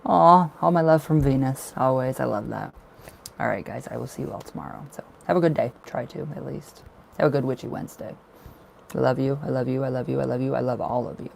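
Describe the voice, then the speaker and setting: Man, gravelly voice, casual livestream chat, chatty, faint background hiss. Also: medium pitch, a little fast, low-quality recording. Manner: chatty, laughs often, talks about occult practice. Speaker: livestream tarot reader.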